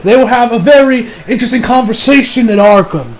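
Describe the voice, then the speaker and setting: High-voiced man rambling through a recap. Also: lively intonation, brisk, low-quality recording. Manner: rambling, profane, self-correcting. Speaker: anime reviewer. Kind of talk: casual episode recap.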